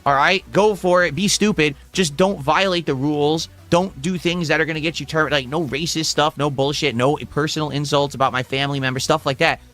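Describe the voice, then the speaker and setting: A man with a fairly high, bright and forceful voice talks to his livestream chat in a blunt, exasperated rant and swears freely. Faint music plays underneath. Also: steady tone, brisk, hardly any pauses. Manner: blunt, profane, exasperated ranting. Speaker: livestream host. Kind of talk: casual livestream talk to chat. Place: at home.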